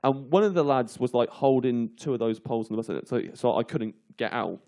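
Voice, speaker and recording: A man of ordinary pitch tells a rambling comic anecdote on a live panel show. He laughs through his own story, his delivery animated and eager. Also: brisk. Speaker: comedian guest. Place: live show before an audience.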